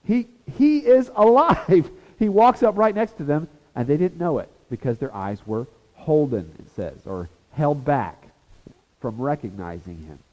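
A man teaching a Bible lesson as a sermon, animated and acting out the voices of people in the story. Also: medium pitch, moderate pace. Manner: animated, acts out voices of the disciples and Jesus. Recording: reverberant hall.

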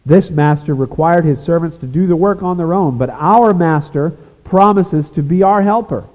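A pastor preaching a sermon, earnest, rising to emphatic points and dropping to a hushed, confessional tone. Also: male voice, fairly high pitch, moderate pace. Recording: echoey hall over a tinny phone-like line.

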